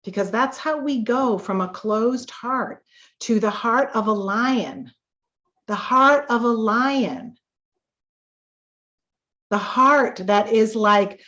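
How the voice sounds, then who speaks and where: A woman hosting a live tapping call, coaching listeners with slow, emphatic talk and sudden emotional bursts. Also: on the high side, fairly bright tone, dull audio.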